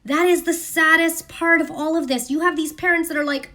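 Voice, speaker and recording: A woman hosting a casual live stream on her phone, talking in an animated, sarcastic way and mimicking other people's voices. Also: very high voice, fairly quick, hardly any pauses. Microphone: phone camera.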